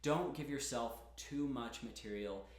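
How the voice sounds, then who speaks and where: A man's voice: medium pitch, a little slow. Roomy-sounding man teaching piano. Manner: chatty and encouraging, breaks off to demonstrate. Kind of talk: casual spoken piano lesson. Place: room with a piano. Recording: roomy echo with piano playing.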